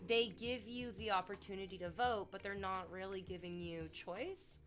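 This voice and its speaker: Bright-voiced, animated woman streamer. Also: medium pitch, normal speed, soft background music. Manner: animated, swears freely, swings between soft reflection and loud emphasis. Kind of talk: casual chat on stream.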